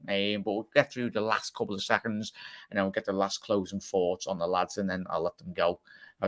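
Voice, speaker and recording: A man's voice: fairly low pitch, a bit bright. A man in his twenties hosting a casual livestream, chatting loosely and greeting viewers by name. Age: 20s. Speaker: livestream host.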